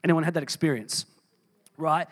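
High-voiced man preaching. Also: moderate pace. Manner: emphatic preaching, reading scripture aloud with dramatic voices. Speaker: pastor. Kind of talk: sermon.

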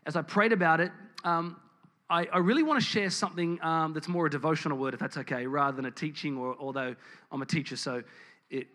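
A man's voice: on the high side, steady tone, fast, fairly bright tone. A man preaching a sermon in church, candid and storytelling, with frequent ums and restarts. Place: church building with congregation.

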